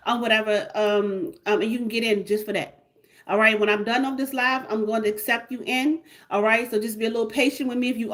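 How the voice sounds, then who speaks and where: Woman, livestream host, hyped, repetitive, slightly high voice. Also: a bit bright. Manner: repetitive, hyped, call-and-response. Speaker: livestream host selling a membership. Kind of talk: casual livestream pitch.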